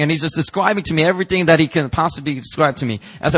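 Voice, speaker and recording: A man, a pastor, telling a story in a sermon and acting out its dialogue with lively emphasis. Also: a little high, rapid-fire, hardly any pauses, husky. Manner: animated, acts out the dialogue in his story. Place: church sanctuary.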